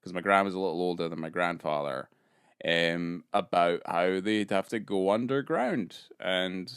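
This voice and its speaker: A man's voice: low voice, normal speed, fairly bright tone, smooth, dry recording, studio quality. A man co-hosting a podcast in casual, rambling chat full of fillers and hesitations. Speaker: podcast co-host.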